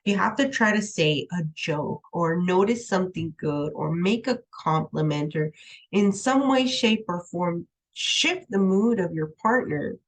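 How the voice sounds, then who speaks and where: Lecturing online from home, this woman speaks at a fairly low pitch with lively intonation and a measured pace, captured in low quality. She's a college instructor, young adult to middle-aged with a young daughter, whose casual style leans on "um" and "right?" and easy laughter.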